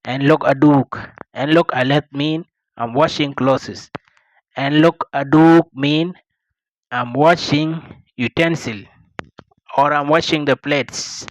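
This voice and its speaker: A man from South Sudan teaching vocabulary, repeating each word slowly and explaining it plainly. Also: fairly high pitch, steady tone, dry recording. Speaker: language teacher. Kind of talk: slow vocabulary lesson.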